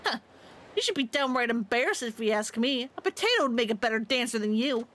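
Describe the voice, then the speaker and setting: A woman's voice: a little high, animated, a little fast, a bit bright, a little hiss or hum. A woman voicing a haughty, boastful young female rival idol in a snide, bossy way, reading game dialogue aloud on a stream. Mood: scornful.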